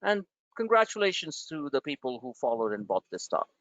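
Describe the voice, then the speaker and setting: A man's voice: a little high, sing-song, a little fast, fairly bright tone, dry recording, dull audio. A man hosting a trading webinar, blunt and emphatic, firing off rhetorical questions at his listeners.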